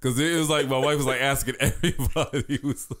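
A man's voice: medium pitch, brisk. A middle-aged man hosting a casual podcast chat, swearing freely and telling stories with lots of laughter. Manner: profane, laughing, animated storyteller. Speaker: podcast host.

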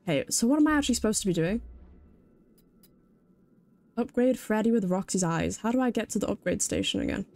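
A woman's voice: mid-range voice, lively intonation, a little fast, pauses often, a little mellow, faint music behind. A British woman streaming a video game live, jumpy and swearing freely as she comments and talks to her chat.

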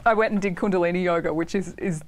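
A woman's voice: on the low side, quick pace, slight background noise. A woman guest on a late-night studio show, a critic and author, telling stories with dry understatement. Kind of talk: casual interview chat.

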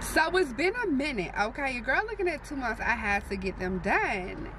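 A young adult woman vlogging in a casual chat, telling stories in an animated, sassy way. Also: sits high, moderate pace, background noise.

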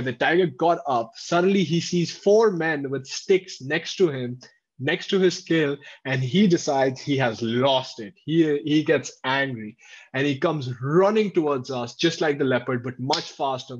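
A man with a medium voice tells a safari story to his livestream viewers, animated and chatty, breaking off to answer their comments. The audio is dull and lo-fi, like a laptop stream. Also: medium pitch, slightly rough. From India. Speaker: wildlife presenter.

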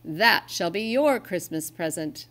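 A woman's voice: lowish voice, animated, a little slow. Santa, as a woman puts on a hearty old man. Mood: explaining. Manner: exclaiming, hearty and warm. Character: jolly old man Santa, kind and grateful.

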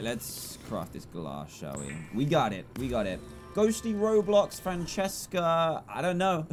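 A young man streaming a game, quickly reading out viewer names and donations with cheerful asides. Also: medium pitch, a little hiss or hum. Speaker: gaming YouTuber reading donations. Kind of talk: livestream gameplay commentary.

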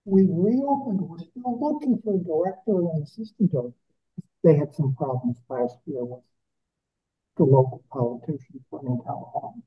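A man, a board trustee, asking brisk procedural questions during a public board meeting. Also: on the high side, dull audio.

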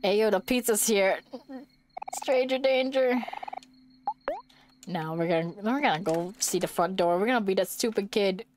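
A woman's voice: medium pitch, normal speed, long pauses, slight background noise. Giggly woman doing let's-play commentary. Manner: jokey, giggly reactions to the game. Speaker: video game streamer.

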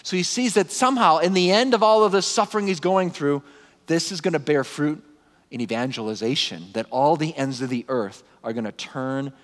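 A man giving a conversational, animated Bible talk to a live conference audience, with frequent asides. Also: on the high side, moderate pace, big-room sound. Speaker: conference speaker.

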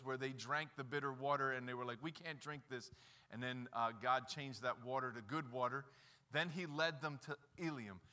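Male pastor, high and very bright voice, lively sermon delivery with rhetorical questions. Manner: animated preaching, rhetorical questions, mimics people's voices. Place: church sanctuary.

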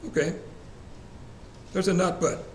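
A man with a high, slightly dark voice leads a church Bible study in an easygoing, conversational way, unhurried and fairly even in intonation. He asks the group questions and repeats verse references. The room is echoey, with a faint hiss in the background.

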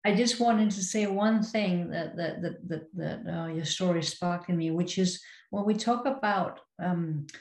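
Halting woman in an echoey room. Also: on the low side, a little mellow. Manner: halting, repeats words while searching. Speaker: co-host of an online talk. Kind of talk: reflective group discussion.

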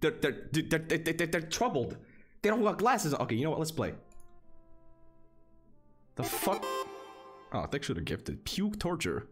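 Excitable young man streaming games. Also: a little high, moderate pace, pauses often, faint music behind. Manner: excitable, swears a lot, shouts in disbelief, mocking. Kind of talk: casual gameplay commentary.

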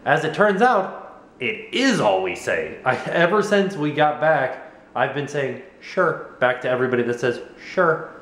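A man's voice: medium pitch, sing-song, normal speed, a bit bright. A young American man vlogging at home in a goofy, rambling, jokey way. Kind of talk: casual vlog chat to camera. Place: home living room. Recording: echoey room.

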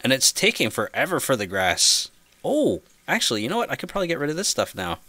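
Commenting on his gameplay from a home room with an aquarium, a gaming channel host chats away and readily bursts into yelps and laughter. His medium-pitched voice sounds dry, though the home recording is noisy, with aquarium water dripping behind him.

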